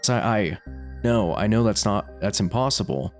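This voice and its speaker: A man's voice: lowish voice, normal speed, soft background music, close to an everyday voice. A man reading the lines of a grieving teenage girl in a visual novel, hesitant and trailing off. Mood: subdued.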